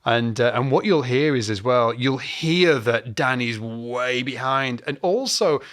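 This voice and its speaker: Animated man telling a bass story. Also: measured pace, no room sound, clean studio sound. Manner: rambling, animated storytelling with acted-out quotes. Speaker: bass teacher and host. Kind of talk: casual chat about playing.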